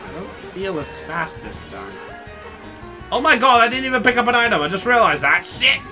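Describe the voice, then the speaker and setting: An excitable man commentates his own gameplay on a live stream, his high, bright voice swooping up and down as he reacts. He laughs often and calls out to his viewers between moments of play. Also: normal speed, faint music behind. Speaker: game streamer.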